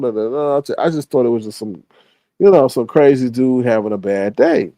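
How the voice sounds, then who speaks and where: A man's voice: normal speed, creaky, dry recording, poor audio. Casual male streamer, dry close sound. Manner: animated, acts out quoted people with higher pitch; profane, slangy. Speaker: live stream host. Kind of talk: casual storytelling to a live audience.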